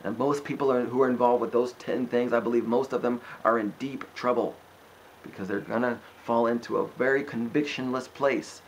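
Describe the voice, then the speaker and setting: A man's voice: mid-range voice, fairly even intonation, moderate pace, dull audio, a little hiss or hum. A man preaching informally and fervently, exhorting his listeners, rambling with restarts and frequent asides. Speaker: preacher answering questions.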